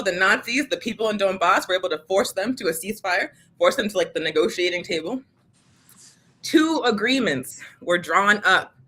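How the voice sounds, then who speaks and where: A woman's voice: medium pitch, sharp tone. A woman co-hosting a political news show, speaking casually and passionately, with sarcasm and lots of fillers. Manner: fiery and sarcastic, casual with frequent "like". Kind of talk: impassioned political commentary.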